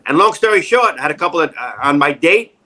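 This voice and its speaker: Guy in his sixties telling showbiz stories, kinda high bright voice, acts out what people said. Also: quick pace, low-quality recording. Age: 60s. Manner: animated, acts out quoted voices loudly. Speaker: actor guest. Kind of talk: casual interview storytelling.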